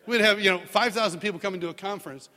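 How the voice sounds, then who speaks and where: Bright-voiced preacher man in a big hall. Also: sits high, very fast. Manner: animated storytelling, acts out voices in dialogue. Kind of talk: sermon. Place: large church hall with live congregation. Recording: long hall reverb.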